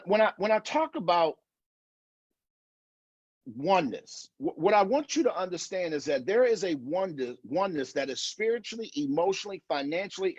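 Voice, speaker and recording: Earnest husky man, online talk. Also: on the high side, no room sound, highs cut off. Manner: earnest, repetitive emphatic delivery with restarts. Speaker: marriage conference speaker.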